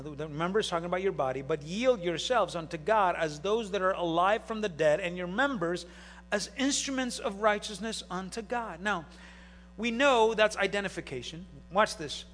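A man's voice: sits high, pushed and bright, big-room sound, a little hiss or hum. A man preaching a sermon as pastor, emphatic and direct, asking the congregation rhetorical questions.

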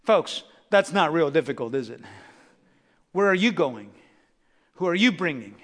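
High-pitched preaching pastor in a hall. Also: male voice, lively intonation, a little slow. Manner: preachy, addresses crowd directly, dramatic swings from loud to hushed. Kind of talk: sermon.

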